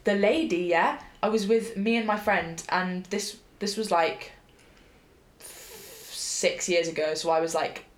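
A woman's voice: on the low side, unhurried. A young woman, co-hosting a casual chat podcast and telling stories with lots of "like". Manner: chatty, animated storytelling with frequent "like". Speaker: podcast co-host. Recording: echoey room.

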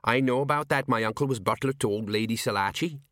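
A man's voice: mid-range voice, fast, fairly bright tone, dry recording, studio quality, natural voice. A man voicing a chatty, knowing male sergeant in a tavern scene of an audiobook. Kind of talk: audiobook character voice.

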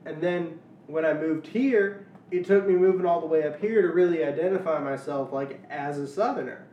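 A man's voice: a little high, moderate pace, reverberant, recorded from a distance, dull audio, slight background noise. A man from Louisiana with a Southern accent, co-hosting a podcast in loose casual chat, rambling with lots of fillers and restarts. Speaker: podcast co-host.

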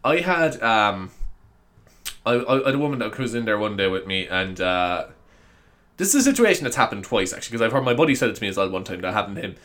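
A man's voice: lowish voice, big pitch swings, fast, a bit bright. An Irish man hosting a podcast, rambling and joking in a casual comedic monologue, swearing and laughing as he goes. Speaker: podcast host.

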